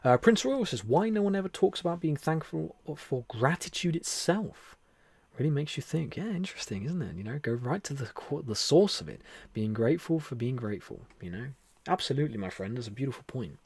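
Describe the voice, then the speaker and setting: A man chats warmly with his viewers while hosting a live stream, reading their comments aloud and calling them "my friend". His pitch swoops up and down a lot, and he moves between hushed, soft speech and sudden louder laughter. The sound is dry and close, from a headset mic. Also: very animated, fairly quick, gravelly, husky, dry recording. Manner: chatty and friendly, calls viewers "my friend" and "buddy", laughs often; shifts between soft near-whisper and louder talk. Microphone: headset mic with headphones.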